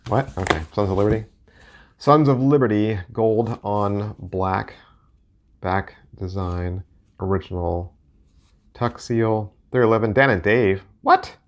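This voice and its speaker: A man's voice: on the low side, unhurried. A middle-aged man rambling casually as he reviews playing-card decks, joking and poking fun at himself. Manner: rambling, joking and self-mocking. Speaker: deck collector and video host.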